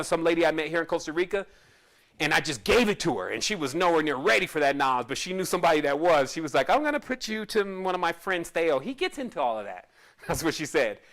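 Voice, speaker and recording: Man, high-pitched voice, spiritual teacher, casual storytelling, rambling, self-correcting. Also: fairly bright tone. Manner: rambling, with frequent restarts and asides.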